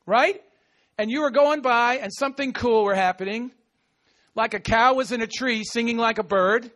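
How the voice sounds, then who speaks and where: Very high-pitched man delivering a lively, playful sermon with shouted acted-out lines. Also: moderate pace. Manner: playful, acts out scripture quotes with shouts and laughs. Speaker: preacher. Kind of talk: animated sermon.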